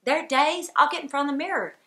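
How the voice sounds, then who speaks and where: A woman's voice: sits high, quick pace, a bit bright. A middle-aged woman preaching a sermon to women, emphatic and repetitive, with bursts of forced laughter. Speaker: speaker at a women's ministry gathering.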